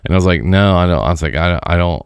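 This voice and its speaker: A man's voice: low voice, fast talker, gravelly, clear, resonant tone, no echo. A man from Indiana telling stories in a casual chat, dry and matter-of-fact.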